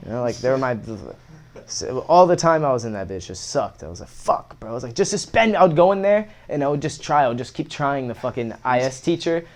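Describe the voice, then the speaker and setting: Young man, podcast guest, casual slangy talk, swears a lot, animated retellings, middle-pitched voice. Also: quick pace. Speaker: guest musician. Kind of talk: casual interview chat.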